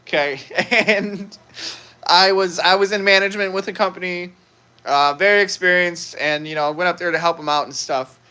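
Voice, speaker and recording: A man's voice: sits high, sharp tone. A young man from Chicago with a Chicago accent, hosting a live sales stream and telling rambling stories with frequent laughs. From Chicago, United States. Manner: chatty, laughs often, rambling with restarts. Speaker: live stream seller, host. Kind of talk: casual storytelling on a live stream.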